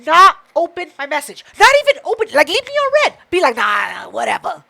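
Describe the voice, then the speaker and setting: High bright woman on a podcast, swearing a lot, telling stories all animated and acting out what people said. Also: quick pace, gravelly. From Mexican heritage. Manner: profane, animated storytelling with quoted voices. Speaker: podcast co-host. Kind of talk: casual chat.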